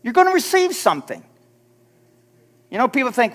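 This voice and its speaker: A man preaching a sermon as pastor, animated, acting out timid prayers in a hushed voice. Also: high-pitched, a little fast, pauses often. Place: church sanctuary.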